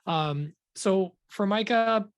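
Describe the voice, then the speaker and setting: A man co-hosting a podcast in casual chat, rambling and relaxed, with lots of fillers. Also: sits high, slow pace, no echo, studio quality. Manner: relaxed, rambling, laughs easily. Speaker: podcast co-host.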